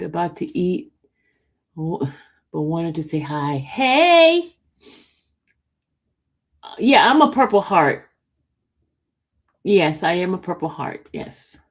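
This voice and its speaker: A woman's voice: fairly low pitch, darkish tone. A woman hosting a casual livestream, reading viewer comments aloud and chatting with her dog. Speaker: livestream host answering viewer questions. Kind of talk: casual live chat with viewers.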